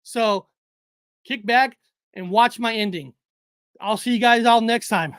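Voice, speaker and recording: A chatty woman hosts a casual livestream, her voice sitting a touch high and recorded close and dry. She rambles, repeats herself and laughs as she goes, a little out of breath. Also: measured pace, dry recording. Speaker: livestream host.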